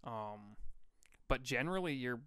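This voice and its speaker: A man from Vermont co-hosting a podcast, telling stories in a rambling, relaxed way with lots of fillers. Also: mid-range voice, a little slow, smooth, no echo, studio quality. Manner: rambling, laid-back storyteller with fillers. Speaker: podcast co-host. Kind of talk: casual storytelling chat.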